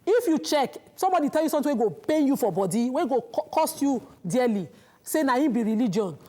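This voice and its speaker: A woman's voice: high voice, very animated, brisk, mellow. A Nigerian woman co-hosting a studio talk show, speaking emphatically and switching into pidgin. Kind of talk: studio panel discussion.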